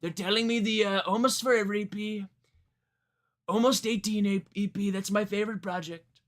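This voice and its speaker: A man's voice: high voice, fairly even intonation, moderate pace, fairly bright tone, voice pushed up. A man doing an exaggerated comic impression of a boastful older male politician, repeating himself and overplaying his quirks of delivery. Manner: repetitive, overemphasized quirks, bragging. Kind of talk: comic impression on a live stream.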